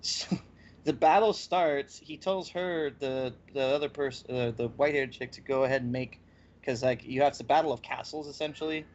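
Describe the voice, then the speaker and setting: A man hosting a podcast, recapping a story in casual chat with lively, stop-and-start storytelling. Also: mid-range voice, normal speed, slight background noise. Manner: animated storytelling with frequent restarts. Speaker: podcast host. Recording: slightly muffled lo-fi audio.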